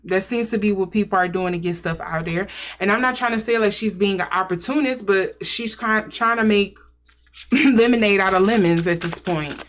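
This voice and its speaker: A woman's voice: medium pitch, moderate pace. Woman musing through a tarot reading. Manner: musing, thinks aloud while speculating. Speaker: tarot reader. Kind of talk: casual intuitive tarot reading.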